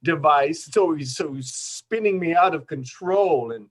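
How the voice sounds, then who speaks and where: A man playing a pompous old-fashioned gentleman with a put-on transatlantic accent, in an improvised comedy scene over a video call. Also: a little high, measured pace. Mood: haughty. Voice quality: affected, haughty upper-class delivery.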